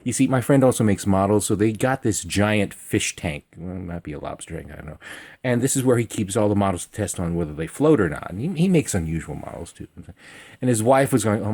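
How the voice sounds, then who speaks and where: A man telling a funny true story in a rambling, animated way, breaking into sudden high meows and sound effects. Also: slightly rough. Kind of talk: comedic personal storytelling.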